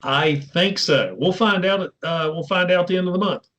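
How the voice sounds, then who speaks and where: A man's voice: high-pitched, a little fast, fairly bright tone. A man from West Virginia with a West Virginian accent, hosting a casual podcast chat with easygoing banter. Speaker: podcast host.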